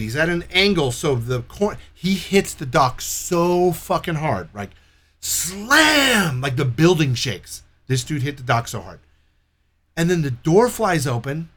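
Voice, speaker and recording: A man telling a story in casual chat, animated and profane, acting out the people in it. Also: fairly high pitch. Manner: profane, animated retelling with quoted dialogue.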